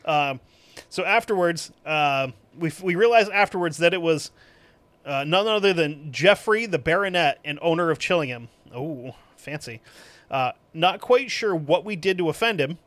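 A man hosting a podcast, reading reviews aloud with sarcastic, profane, deadpan asides. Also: a little high, moderate pace, dry recording. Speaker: podcast host.

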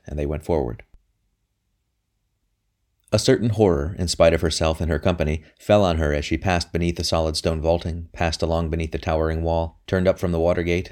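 Male narrator with a very low voice, steady and measured storybook reading. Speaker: audiobook narrator. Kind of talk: scripted narration.

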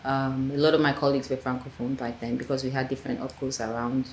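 A woman's voice: extremely low pitch, fast. A Nigerian woman, a filmmaker guest on a podcast, chatting casually and acting out the people she quotes. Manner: animated storyteller, acts out quotes. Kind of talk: casual conversational interview. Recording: echoey room, faint ambient noise.

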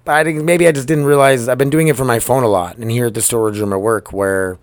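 A man's voice: medium pitch, fairly even intonation, fast, dry recording. A man hosting his own podcast solo, talking in a loose, rambling and upbeat way from a storage room at work. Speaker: podcast host. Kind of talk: casual solo podcast chat. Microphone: laptop microphone.

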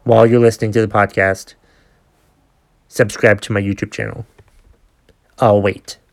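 A man in his forties speaks in a lowish voice and tells a story as a podcast host. He rants, swears freely and sounds exasperated, with a loose, conversational manner. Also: level tone, normal speed, creaky. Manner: ranting, profane, exasperated. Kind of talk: casual storytelling monologue.

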